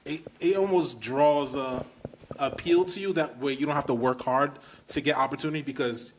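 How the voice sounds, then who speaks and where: A man with a Brooklyn accent hosts a casual podcast conversation in a mid-range voice at normal speed, with slight background noise. He's emphatic and enthusiastic, piling up long run-on questions.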